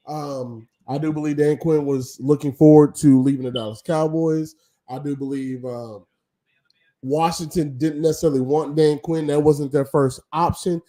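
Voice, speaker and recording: A man talks through a livestream with casual, opinionated commentary, often pausing on ums as he thinks aloud. His voice sits a little high yet sounds mellow and dark-toned. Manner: opinionated, rambling, frequent ums. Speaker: livestream host.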